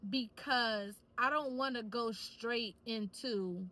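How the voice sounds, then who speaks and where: A young woman vlogs casually, telling stories in a lively, slang-filled way. Her voice sits high and sounds bright and forward. She talks straight to her viewers like a friend. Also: slow, low-quality recording. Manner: animated, chatty storytelling with lots of slang. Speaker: vlogger. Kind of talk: casual talk to camera.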